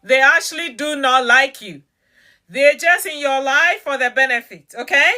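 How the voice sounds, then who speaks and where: High, bright-voiced emphatic woman speaker. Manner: emphatic, repeats key phrases slowly; direct, challenging questions to the listener. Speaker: motivational speaker. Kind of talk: motivational talk on dating.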